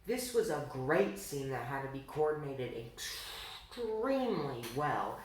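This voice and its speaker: Echoey self-critical creator commentary. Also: male voice, on the high side, takes it slowly. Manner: relaxed, self-critical, with fillers. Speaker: film creator giving commentary. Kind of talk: reflective voice-over commentary. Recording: very echoey room, far mic.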